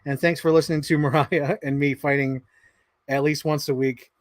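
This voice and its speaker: A man's voice: a little high, level tone, normal speed, no room sound. A man in his thirties hosting a livestream, reading his yearbook signings aloud, laughing, swearing and getting sidetracked, a bit out of breath. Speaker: livestream host.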